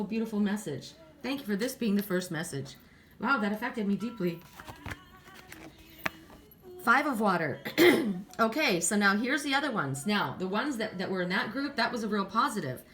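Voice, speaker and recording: Halting woman giving a card reading. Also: mid-range voice, bright, forceful tone. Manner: halting, repeats words, clears throat often. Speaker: oracle card reader. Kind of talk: casual spiritual card reading.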